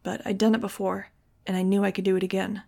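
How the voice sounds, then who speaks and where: A woman reading a novel aloud in the first person, with steady, expressive storytelling. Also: mid-range voice, quick pace, gravelly. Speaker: audiobook reader.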